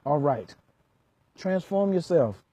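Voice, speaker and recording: A man's voice: a little high, animated, slow, warm tone, husky, dry recording, lo-fi sound. A man working as a relationship coach, lecturing hard in an emphatic vlog rant full of street slang.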